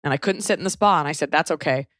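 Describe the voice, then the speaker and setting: A woman hosting a podcast, giving blunt, profane, animated advice in casual chat. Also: on the low side, rapid-fire. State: pregnant. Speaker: podcast host.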